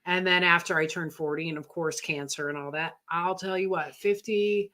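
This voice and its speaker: A woman's voice: lowish voice, fairly even intonation, normal speed, sharp tone. A woman in her fifties, co-hosting a live question-and-answer chat, rambling and tired. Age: 50s. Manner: rambling, chatty, laughs easily. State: tired, yawning. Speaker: co-host.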